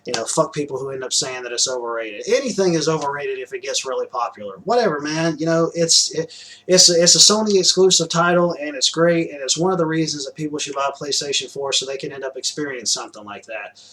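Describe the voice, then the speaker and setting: A young man with a voice a little higher than most talks through his new game purchases. He rambles in a loose, chatty way, full of fillers, restarts and casual swearing. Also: fast, a bit bright, rough recording. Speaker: gaming vlogger showing new purchases. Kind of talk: rambling casual vlog chat.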